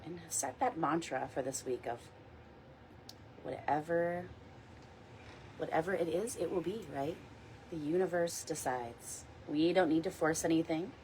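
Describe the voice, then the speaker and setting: A woman leading a guided meditation, speaking softly and slowly and repeating calm mantras. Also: low-pitched, a little hiss or hum, poor audio. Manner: soft, slow, reassuring, repeats mantras. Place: outdoors or near a window in wind.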